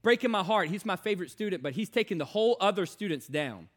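Male preacher, high-pitched, impassioned sermon storytelling, repeats phrases, loud to hushed. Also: lively intonation, quick pace.

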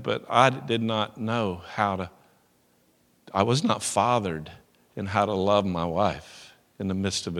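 A middle-aged man preaching a sermon, telling a story with loud emphasis and soft asides. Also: on the low side. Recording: long reverb of a large hall.

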